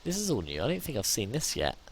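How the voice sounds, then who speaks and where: Talking through a survival game live, this gamer jumps from nervous whispers to sudden panicked yelps, often repeating himself when stressed. He has a medium pitch with huge swings, speaks fast, and there's a little hiss or hum.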